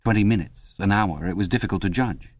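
A man narrating an audiobook in a steady, measured way. His voice sits very low. The recording is dry, close and free of room sound. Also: husky, dry recording. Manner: even, measured reading. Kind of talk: scripted narration.

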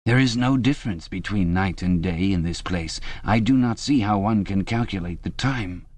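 A man voicing a vague, pedantic middle-aged male poet in a prison cell, in a higher, drawn-out, fussy voice. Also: a little mellow, dry recording. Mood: bewildered.

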